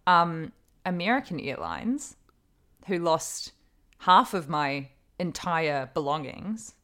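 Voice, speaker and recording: A woman's voice: deep voice, sing-song, slow pace, fairly bright tone. A woman co-hosting a podcast, chatting casually and ranting emphatically with fillers. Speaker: podcast co-host. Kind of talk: casual chat.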